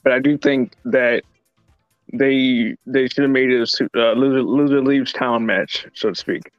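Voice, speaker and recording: A man's voice: medium pitch, fairly even intonation, measured pace, no room sound, soft background music. A man co-hosting a wrestling podcast in casual chat, hesitant and stumbling over his words. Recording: dull dry podcast mic.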